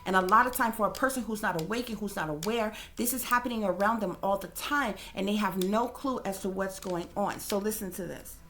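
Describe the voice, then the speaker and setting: A woman's voice: medium pitch, fairly quick, hardly any pauses, sharp tone, slight background noise. A woman hosting her channel as a psychic reader, giving casual commentary with emphatic, repeated "okay?" checks and casual swearing.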